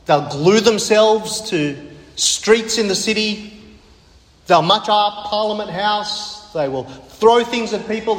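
A man preaching with earnest emphasis, his voice sitting high for a man. He leans on repeated phrases to drive points home. The sound rings out with long reverb in a roomy hall. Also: fairly bright tone. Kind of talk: sermon.

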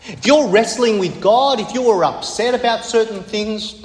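A man's voice: sits high, moderate pace. A man preaching a sermon, earnest and emphatic, repeating his key phrases. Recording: echoey hall with long reverb.

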